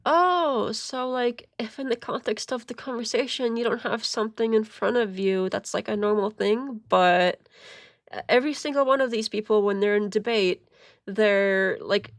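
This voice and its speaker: A woman's voice: a little high, normal speed, dry recording, studio quality. A woman streamer commenting casually and sarcastically, rambling with many fillers and laughing at her own jokes. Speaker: streamer reacting to a call.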